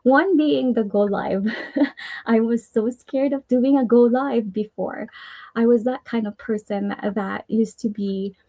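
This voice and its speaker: A woman's voice: fairly high pitch, slow, warm tone, poor audio. A woman with a Filipino accent hosting a casual live stream, chatty and earnest as she shares personal affirmations, rambling a little with restarts and small laughs. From Philippines.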